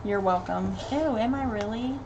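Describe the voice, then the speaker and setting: A woman's voice: medium pitch, moderate pace, muffled recording, background noise. A woman in her thirties from Tennessee, a mother chatting casually on a live stream, rambling with many ums and reading viewer comments aloud. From Tennessee, USA.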